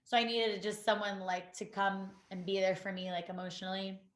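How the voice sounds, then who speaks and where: A woman, a podcast guest, telling a painful personal story in a halting way, full of fillers and restarts. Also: mid-range voice, level tone, roomy sound. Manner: halting, many fillers and restarts, quotes others.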